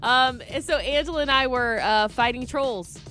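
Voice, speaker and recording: A woman's voice: high voice, normal speed, pushed and bright, soft background music. A woman co-hosting a morning radio show, teasing her co-host in casual banter. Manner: dry, teasing. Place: radio studio.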